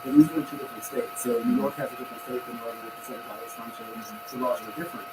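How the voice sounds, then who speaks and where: A man hosting a casual podcast chat, rambling and complaining with animated energy. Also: mid-range voice, racing. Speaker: podcast host. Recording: echoey room, far from mic, noisy.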